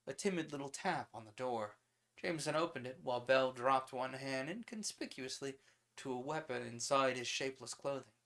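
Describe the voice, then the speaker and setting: Casting: male streamer, mid-pitched, steady story reader with offhand asides. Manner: reads steadily, then adds casual asides and paraphrases. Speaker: streamer reading old pulp stories aloud. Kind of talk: reading a story aloud on a stream.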